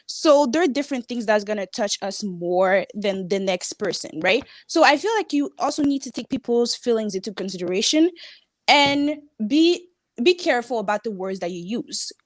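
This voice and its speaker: French-accented female caller, fairly high voice, earnest, gracious, dry sound. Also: lively intonation, moderate pace, no room sound. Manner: earnest, gracious, laughs easily. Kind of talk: call-in show commentary.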